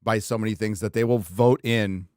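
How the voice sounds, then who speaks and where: A man's voice: fairly low pitch, fairly even intonation, normal speed, a little mellow, smooth, no echo, clean studio sound. A man hosting a podcast, talking in a blunt, ranting casual style. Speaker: podcast host. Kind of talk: casual chat.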